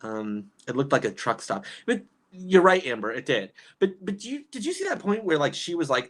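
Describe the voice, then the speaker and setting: A woman's voice: low voice, sing-song, normal speed, few pauses. A woman doing casual livestream commentary, reading chat and ranting in an exasperated way with frequent laughs.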